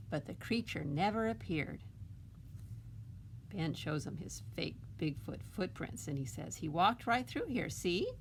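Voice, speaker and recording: Slow, gentle woman reading to children. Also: low-pitched, slight background noise. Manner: asks children questions, coaxing "huh?" tags. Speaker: library storytime reader. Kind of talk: children's picture book read-aloud.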